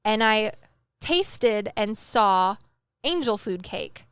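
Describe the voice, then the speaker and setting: A woman, a medium, shares stories about a psychic reading in casual, chatty conversation, getting emotional, sometimes tearful, and laughing through her tears. Her mid-range voice is animated, a bit bright, and slow-paced. The recording is clean, studio quality, with no echo.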